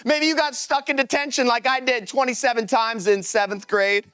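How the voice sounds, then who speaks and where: A pastor preaching a lively sermon to his congregation, reading scripture aloud and acting out the story. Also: very high-pitched, normal speed, hardly any pauses, smooth, dry recording. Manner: animated, energetic preaching to a congregation. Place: church service.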